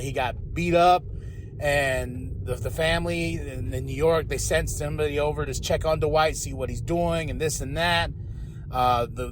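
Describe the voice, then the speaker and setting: Male podcast host, slightly high voice, rambling and profane, recapping a TV episode over faint background noise. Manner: rambling, profane, loud bursts when excited. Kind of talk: casual solo TV episode recap.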